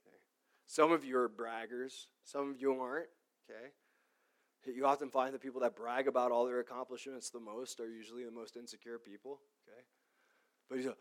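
A man preaching a casual, conversational sermon as pastor, full of "like" and "okay?" checks, swinging between loud emphatic lines and quiet asides. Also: medium pitch. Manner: chatty, peppered with "like" and "okay?" checks.

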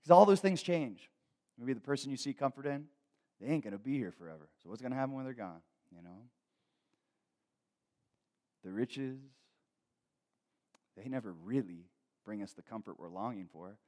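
Preaching in a low male voice, this pastor keeps a conversational tone and frequently asks "okay?". Scripture comes out loud and slow, while his asides fall quieter.

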